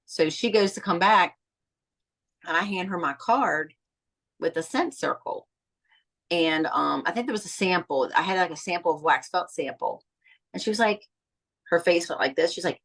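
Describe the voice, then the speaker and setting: A woman's voice: lowish voice, expressive, a little fast. A woman in casual chat, telling stories animatedly and acting out the voices of the people she quotes. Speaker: direct sales consultant.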